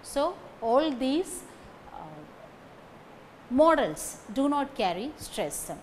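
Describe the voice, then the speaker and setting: A woman giving a recorded lecture on phonetics, speaking deliberately, repeating example sentences and checking in with "okay" between points. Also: high-pitched, sing-song, a little hiss or hum, poor audio.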